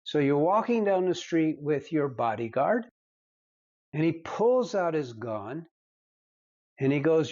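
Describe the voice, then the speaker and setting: A man's voice: fairly high pitch, big pitch swings, slow pace, pauses often, darkish tone, muffled recording. A man giving marriage advice straight to the camera, lecturing in an earnest, emphatic way. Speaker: marriage counselor. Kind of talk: direct-to-camera advice talk.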